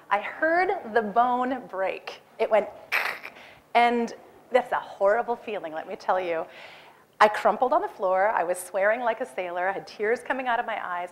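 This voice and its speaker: A woman in her forties giving a talk on stage, lively and acting out her own lines with a raised voice. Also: on the high side, noisy background. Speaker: speaker. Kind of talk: animated personal storytelling talk.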